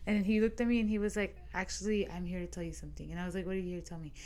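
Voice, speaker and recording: A woman's voice: lowish voice, steady tone, rapid-fire, darkish tone. A young woman in her twenties, co-hosting a podcast and chatting casually as she tells a long dream story, quoting everyone with "I was like". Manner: retells a dream with lots of "I was like" quotes. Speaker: podcast co-host.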